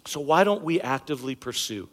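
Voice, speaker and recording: A man's voice: a little high, expressive, fairly quick, fairly bright tone. A man in his thirties preaching a sermon as a pastor, talking in a conversational, joking way and hitting key words hard. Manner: conversational and humorous, jokes with the congregation; emphatic, punching key words. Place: church sanctuary stage under bright lights. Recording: long reverb of a large hall.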